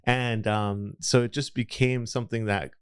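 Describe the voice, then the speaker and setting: A man's voice: fairly low pitch, steady tone, moderate pace, smooth, no echo, clean studio sound. A man, telling his story as a podcast guest in a reflective, rambling way. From Los Angeles area. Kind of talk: casual interview storytelling.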